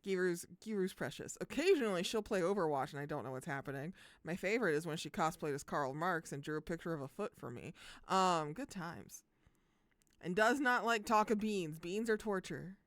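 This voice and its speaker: A young adult woman streaming games live, chatting casually with viewers, bubbly and quick to swear and laugh. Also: fairly low pitch, expressive, no room sound. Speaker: game streamer.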